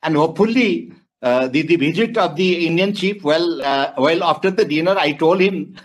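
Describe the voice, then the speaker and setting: Male panelist, fairly high pitch, hesitant and searching for words, on a video call. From Nepal. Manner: halting, searching for words, rhetorical questions. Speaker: webinar panelist. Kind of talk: panel discussion remarks.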